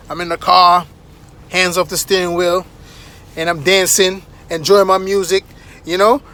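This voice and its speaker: A man vlogger telling anecdotes in an animated, chatty way, often checking in with "right?". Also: high voice. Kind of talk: casual anecdotal storytelling.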